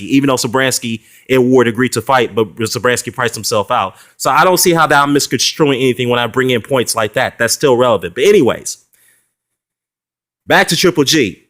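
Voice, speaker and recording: Male vlogger, average pitch, heated and mocking, loose delivery full of fillers. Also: fairly bright tone. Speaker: boxing commentary vlogger. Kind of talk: casual ranting response video.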